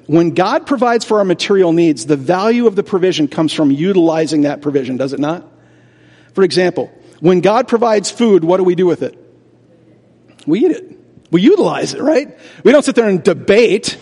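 A pastor preaching a sermon in a church, animated, asking rhetorical questions and acting out doubters. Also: male voice, high voice. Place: church sanctuary. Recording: reverberant large hall.

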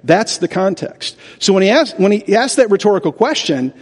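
Casting: male pastor, high voice, animated sermon delivery, rhetorical, long church reverb. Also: normal speed. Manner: animated, rhetorical questions, acts out doubters. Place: church sanctuary. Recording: reverberant large hall.

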